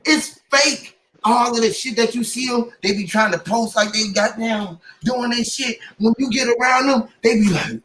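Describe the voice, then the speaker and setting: High-voiced man telling animated stories. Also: moderate pace, slight background noise, poor audio. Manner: animated storyteller acting out others' lines. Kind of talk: casual podcast chat.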